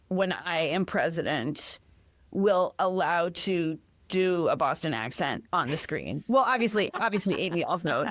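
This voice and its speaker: A middle-aged woman from Massachusetts, a podcast guest, chatting in an animated, rambling way that often interrupts itself. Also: lowish voice, no room sound. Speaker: podcast guest, comedy founder. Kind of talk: casual interview chat.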